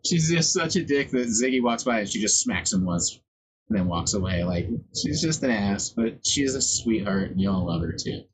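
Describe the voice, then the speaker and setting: Husky-voiced male streamer, casual and rambling, a little profane. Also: on the low side, lively intonation, moderate pace, poor audio. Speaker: livestreamer making music. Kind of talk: casual live-stream chat.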